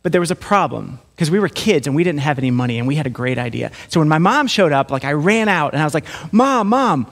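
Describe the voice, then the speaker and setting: A middle-aged male pastor gives a sermon, opening with an animated personal story. His voice sits high for a man, and he slips into quick voices for the children and his mother as he tells it. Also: gravelly, long reverb tail. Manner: lively storytelling, acts out voices of kids and mom.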